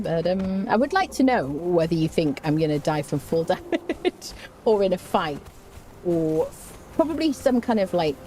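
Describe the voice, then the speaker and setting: A deep-voiced woman game streamer keeps things playful and lively, offering casual gameplay commentary. She chats with her viewers, greets them, and hums and scats while playing.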